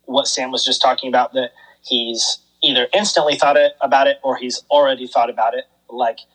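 A man's voice: mid-range voice, steady tone, a little fast, a bit bright, rough recording. A man on a casual podcast working through his thoughts on a comic. His voice sits in the middle range, and he rambles with fillers as he reasons things out. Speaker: podcast co-host. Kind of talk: casual comic book discussion.

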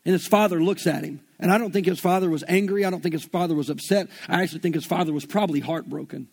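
Southern preacher guy, high-ish raspy voice, earnest folksy sermon talk. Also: fast, darkish tone. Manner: earnest, folksy, retells scripture in everyday slang. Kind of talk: conversational sermon.

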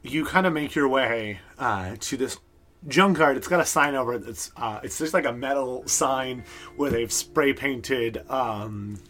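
A man's voice: medium pitch, a little slow, fairly bright tone, faint music behind. Male game master, casual and rambling narration, plenty of filler words. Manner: loose and rambling, full of fillers.

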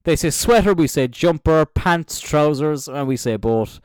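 An Irish man, a young adult, hosting a casual solo podcast in an animated, jokey way with plenty of swearing. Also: fairly high pitch, unhurried, clean tone, dry recording, studio quality. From Ireland. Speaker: podcast host.

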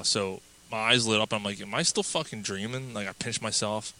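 A male podcast co-host with a bright, sharp-edged voice. He talks in loose, profane banter, telling raunchy jokes and venting about sports. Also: lowish voice, fast, hardly any pauses, rough recording. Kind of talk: crude casual banter.

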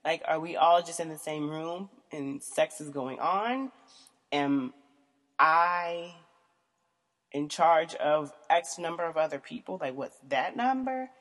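A woman's voice: sits low, lively intonation, takes it slowly, fairly bright tone. Blunt, profane young woman answering questions. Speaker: vlogger. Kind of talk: casual Q&A, reading out questions and answering.

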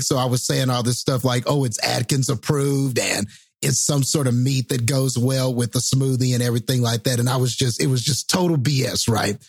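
A relaxed man recounting a funny story on a podcast, his voice a little husky. He hesitates with ums and laughs as he tells it. The recording is close and dry. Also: medium pitch, no echo. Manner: laid-back, hesitant with fillers, laughs while telling. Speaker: podcast co-host. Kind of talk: casual storytelling chat.

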